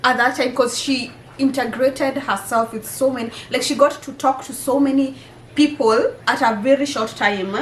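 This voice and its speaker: High-voiced woman from Kenya, laughing a lot. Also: normal speed, roomy sound, a little hiss or hum, low-quality recording. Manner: laughs often, animated, repeats words. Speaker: host. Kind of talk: casual group chat.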